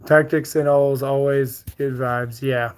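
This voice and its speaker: A man's voice: medium pitch, fairly even intonation, slow pace, clear, resonant tone. A man from Bermuda with a Bermudian accent mixed with Texas country, hosting a casual livestream and reading out viewer comments with loose, joking replies. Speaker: livestream host.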